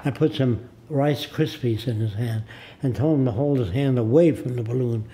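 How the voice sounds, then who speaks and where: A man's voice: medium pitch, dark tone. A man in his nineties from the United States, a guest telling stories in a studio interview and acting out the people in them. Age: 90s. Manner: deliberate storyteller who acts out the people in his stories.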